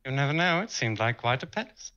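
A man with a bright, forward voice plays a tabletop game. He jokes casually and slips between describing his character's actions and speaking as him. His delivery is loose and conversational. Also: mid-range voice, sing-song, quick pace, clean tone, dull audio. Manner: casual, joking, mixes narration and in-character lines. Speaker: player. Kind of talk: tabletop role-play.

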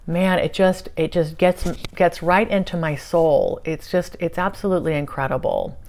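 Low-voiced woman recounting a spiritual session. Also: moderate pace. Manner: meandering, soft-spoken, many fillers and restarts. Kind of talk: casual spiritual storytelling. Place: at home on a couch.

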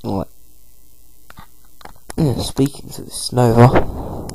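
A man's voice: medium pitch, very slow, creaky, a little mellow, slight background noise, poor audio. A man giving casual let's-play commentary, loosely narrating the game and paraphrasing characters with "he's like.". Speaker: gameplay commentator.

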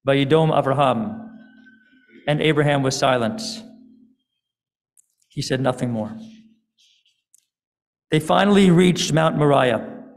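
A male rabbi narrates a sermon story slowly and deliberately. His voice is gravelly and slightly high. A long reverb from the sanctuary follows every phrase. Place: synagogue sanctuary.

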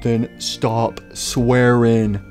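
A man voicing a stern, fatherly male robot bear who scolds loudly and with exasperation in a game-based cartoon. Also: medium pitch, flat delivery, extremely slow, faint music behind, pitched below the performer's own voice. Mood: scolding.

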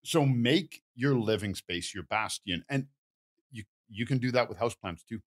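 A man with a mid-range voice hands out gardening advice on a casual podcast. He talks with easy confidence and livens up his stories with quick acted-out asides. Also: mid-range voice. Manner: confident, advice-giving, animated storyteller. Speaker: gardening expert co-host.

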